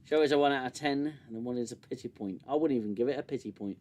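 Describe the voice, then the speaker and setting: A man's voice: medium pitch, rapid-fire, hardly any pauses, a little mellow. Rambling British man hosting a livestream. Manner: rambling, many fillers and restarts. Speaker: livestream host. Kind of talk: casual livestream chat.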